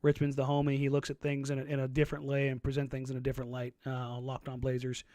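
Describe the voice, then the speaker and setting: A man's voice: mid-range voice, completely flat delivery, warm tone, dry recording, studio quality. A man co-hosting a casual sports podcast, telling rambling stories and laughing easily. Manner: rambling storyteller, quick to laugh. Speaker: podcast co-host.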